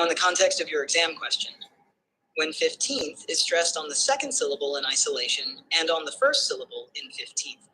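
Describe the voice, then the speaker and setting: In a husky, mid-range voice, an AI assistant explains phonetics in calm, structured stages and finishes by confirming the listener follows. The audio quality is poor.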